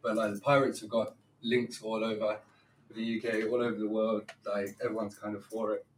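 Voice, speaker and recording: Man, low voice, relaxed slangy chat, roomy echo, away from the mic. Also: brisk, recorded from a distance. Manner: relaxed, slangy, many ums. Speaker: podcast guest. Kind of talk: casual chat. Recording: roomy and off-mic with faint noise.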